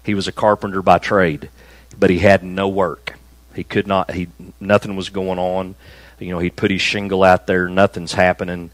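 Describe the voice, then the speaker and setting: A man preaching a conversational sermon to a small church room, slowing down to stress key phrases. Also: deep voice, little pitch movement, dry recording, low-quality recording. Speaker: pastor.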